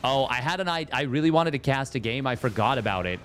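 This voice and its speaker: A man's voice: medium pitch, animated, fast talker, a bit bright, faint music behind. A man doing casual live commentary on a strategy game match, playful and self-mocking, wandering into joking asides. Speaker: esports caster.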